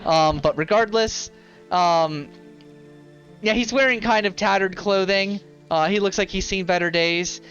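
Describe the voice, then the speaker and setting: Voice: medium pitch, unhurried, a bit bright, lo-fi sound. A game master narrating a tabletop game in a casual, rambling way full of fillers. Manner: casual, filler-heavy storytelling. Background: ambient fantasy music.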